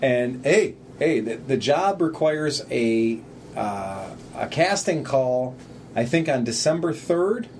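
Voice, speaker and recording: A man in a relaxed podcast chat, talking at a middling pitch with a sarcastic, profane streak. He rambles from story to story. A faint hiss hangs behind his voice. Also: takes it slowly. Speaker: podcast co-host. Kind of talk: casual chat.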